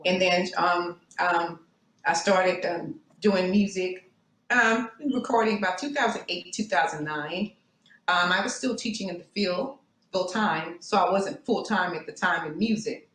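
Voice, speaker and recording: A woman's voice: lowish voice, a little slow. A woman in her forties, a vocalist and panelist, chatting with frequent ums and laughter. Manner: warm, laughing, hesitant with many ums. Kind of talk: casual chat on a video call. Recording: echoey room, faint noise.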